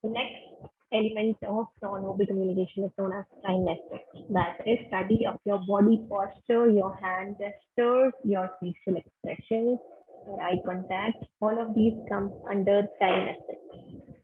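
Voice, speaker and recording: A woman's voice: medium pitch, fairly even intonation, a little slow, a little hiss or hum. Indian woman trainer on a tinny line. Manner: instructive, gives direct tips. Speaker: webinar trainer. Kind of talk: online training lecture. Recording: tinny phone-line webinar audio.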